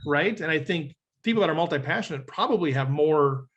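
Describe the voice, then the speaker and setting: Give me a reflective middle-aged man, slightly high voice. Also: lively intonation, brisk, fairly bright tone, lo-fi sound. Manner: earnest, reflective, with frequent "right?" and "like". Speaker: podcast guest, leadership coach. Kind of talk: conversational interview.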